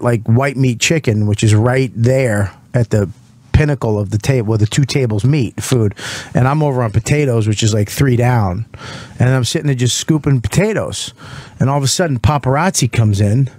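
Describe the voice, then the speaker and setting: A man's voice: medium pitch, darkish tone, dry recording. Profane rambling male radio storyteller. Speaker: radio show co-host. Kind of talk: casual radio banter. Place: radio studio.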